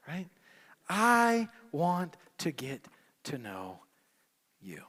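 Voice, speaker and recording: A man teaching a men's session in sermon style, emphatic and repetitive, swinging from hushed asides to loud declarations. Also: a little high, big pitch swings, slow pace. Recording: long hall reverb.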